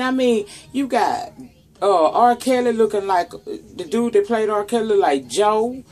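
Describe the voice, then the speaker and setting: A woman's voice: mid-range voice, animated, moderate pace, a little mellow. A woman with a Southern US accent giving casual, profane commentary on celebrity news as a vlogger, talking straight to her viewers. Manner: chatty, profane, talks straight to viewers as "y'all".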